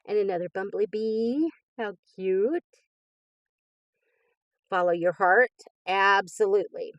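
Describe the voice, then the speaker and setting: A crafting channel host in her 50s speaks slowly at medium pitch on a dry, lo-fi recording. She opens happy mail while chatting casually, gushing with enthusiasm and laughing often.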